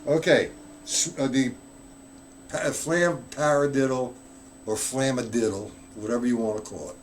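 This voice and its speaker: On a live stream, a man with a medium-pitched voice teaches drum rudiments at an unhurried pace, counting beats out loud between casual explanations he keeps correcting. Drumming plays throughout, and the drum and click noise is loud.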